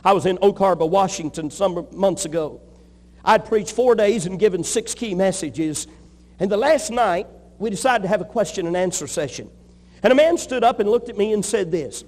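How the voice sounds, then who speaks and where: A pastor with a high voice delivers an emphatic sermon and drives his points home through rhythmic repetition. His words ring out with a long reverb trailing behind them in a large hall. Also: expressive, normal speed.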